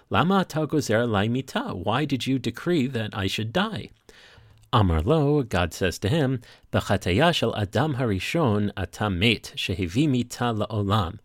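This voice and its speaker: A man's voice: on the low side, dry recording, clean studio sound. A man hosting a weekly podcast as a rabbi, reading Hebrew passages aloud and translating them line by line. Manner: reads Hebrew text then translates line by line. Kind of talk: podcast text study.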